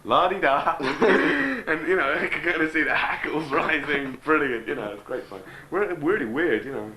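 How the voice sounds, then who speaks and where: A man's voice: fairly high pitch, lively intonation, normal speed, echoey room, background noise. A man, telling rambling stories and teasing a friend with dry jokes in a casual chat on home video.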